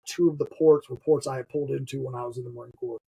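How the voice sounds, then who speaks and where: A man's voice: medium pitch, fairly even intonation, racing, creaky, a crowd in the background, poor audio. A middle-aged man with a Southern US accent, a podcast guest talking casually, swearing freely and laughing often. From US Gulf Coast. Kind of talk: casual conversation.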